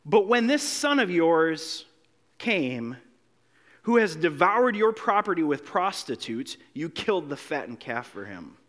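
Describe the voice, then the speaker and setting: A male pastor delivers a sermon in a fairly high voice that rises and falls widely. He acts out the voices in the passages he reads and swings from loud to hushed. He often stumbles and repeats a word before pressing on. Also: big pitch swings, unhurried. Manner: repeats words when restarting.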